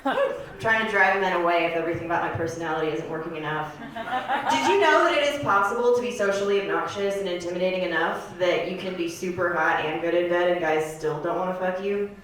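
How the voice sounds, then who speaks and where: A woman doing a stand-up set talks fast in a fairly low voice, rambling deadpan through a confessional delivery full of filler words. She's recorded from far off on a comedy club stage, and the room sounds echoey.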